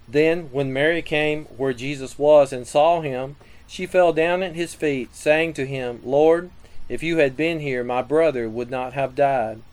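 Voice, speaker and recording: A man giving a scripted sermon teaching on prayer, reading scripture and listing numbered points in a measured way. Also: medium pitch, a little mellow, low-quality recording. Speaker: preacher.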